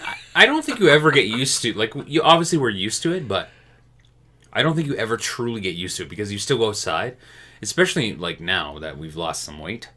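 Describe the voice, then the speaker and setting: A man from Canada chatting casually as a co-host, his pitch swinging widely with a bright, forceful edge. He is animated, swears freely and acts out quoted lines in high voices. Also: fairly quick. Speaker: podcast co-host. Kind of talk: casual news chat.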